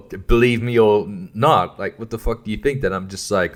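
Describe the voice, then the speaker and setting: A man's voice: medium pitch, lively intonation, fairly quick, few pauses. A man hosting a podcast, rambling casually with profane, exasperated rants. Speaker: podcast host.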